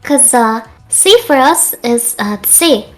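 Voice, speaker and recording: A woman's voice: fairly high pitch, lively intonation, slow pace, soft background music. A woman, not a native English speaker, chatting casually as a guest, easygoing and laughing often. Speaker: guest streamer. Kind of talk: casual chat.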